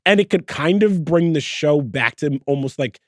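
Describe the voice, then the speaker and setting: Podcast co-host, man from New Jersey, slightly high voice that swings a lot, animated. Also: normal speed, dry recording, clean studio sound. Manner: animated, swears freely, acts out his own thoughts. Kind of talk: casual chat.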